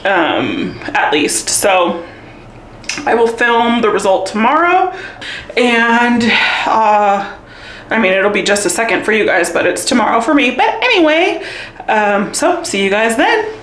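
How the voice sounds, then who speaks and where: A woman's voice: on the high side, big pitch swings, measured pace, fairly bright tone, roomy sound, a little hiss or hum. A woman vlogging at home, chatting candidly to the camera with frequent laughter. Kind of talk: casual chat to camera.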